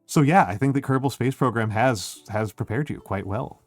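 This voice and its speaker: A man's voice: medium pitch, normal speed, faint music behind. A man livestreaming a casual chat, rambling and wry, who restarts his sentences and says he is short on sleep. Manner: rambling and self-interrupting, with many fillers and restarts; wry and joking. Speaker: streamer.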